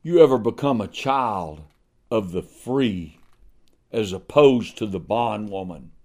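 Preaching slowly and expressively, a man delivers a sermon that shifts from quiet, low stretches to ringing emphasis, full of rhetorical questions and recurring refrains.

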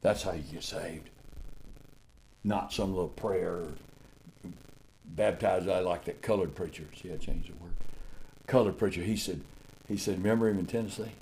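An older man with a low voice preaches a folksy, emphatic sermon, moving between loud declaiming and quiet asides. He draws out and repeats phrases and stammers through restarts, with slight background noise audible.

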